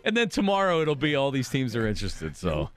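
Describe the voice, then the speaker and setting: A man's voice: medium pitch, huge pitch swings, fairly quick, no echo. A man hosting a sports talk radio show, chatting loosely and laughing, with rambling restarts.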